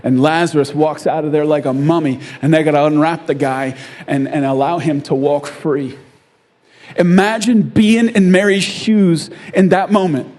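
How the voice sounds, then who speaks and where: A man delivers a sermon as a pastor in a chatty, storytelling manner, full of "right?" check-ins with the congregation and animated chuckles at his own lines. His pitch is fairly high and his pace moderate.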